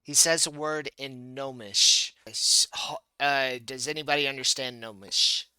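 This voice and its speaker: A man narrating a tabletop game as game master, unhurried and playful. His voice is bright and smooth, a touch higher than most. The recording is dry and close. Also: dry recording. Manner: playful narration with laughs and restarts.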